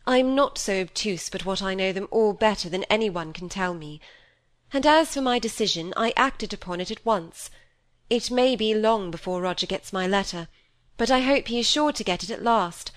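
A woman's voice: medium pitch, expressive, normal speed, natural voice. A woman reading an audiobook, voicing a wilful, proud young woman who talks with bitter passion. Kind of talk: audiobook character voice.

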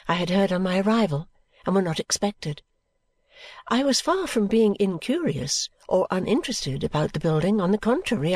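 Woman calmly narrating an audiobook. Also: mid-range voice, dry recording. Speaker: audiobook reader. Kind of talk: first-person audiobook narration.

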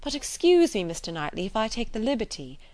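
A woman reading a gentle, kindly lady. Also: on the high side, big pitch swings, brisk, dry recording. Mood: earnest. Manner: gentle and earnest. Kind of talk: audiobook character reading.

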